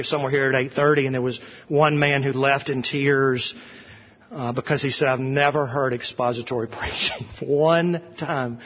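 A male pastor preaching an expository sermon in a church sanctuary, earnest and emphatic, repeating phrases for emphasis. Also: mid-range voice. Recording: dull recording with long hall reverb.

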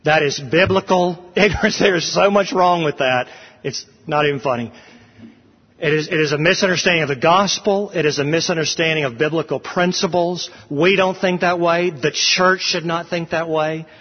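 A man preaching a sermon as pastor, emphatic and slowing down to stress words. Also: on the high side, slightly rough, long reverb tail, highs cut off.

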